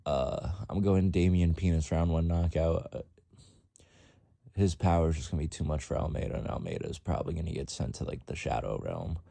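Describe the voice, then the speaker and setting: A man's voice: low-pitched, lively intonation, brisk, vocal fry, mellow, dry recording. A young man giving casual, rambling, profane fight predictions in a vlog. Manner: rambling, profane, lots of fillers.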